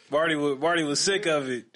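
A man's voice: on the high side, bright, forceful tone. A man co-hosting a podcast in casual chat, loose and laughing, with lots of fillers. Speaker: podcast co-host.

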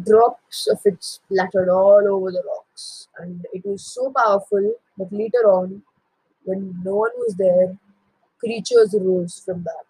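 A man's voice: high voice, mellow, slightly rough, no room sound, poor audio. A teenage boy casually retelling a myth, with jokey asides and self-corrections. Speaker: storyteller.

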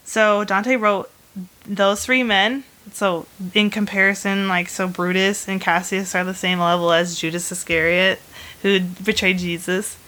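Female host, mid pitch, bright and sharp tone, chatty rambling storyteller with a playful streak. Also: a little slow. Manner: animated retelling of history with bursts of humor. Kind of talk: casual chat.

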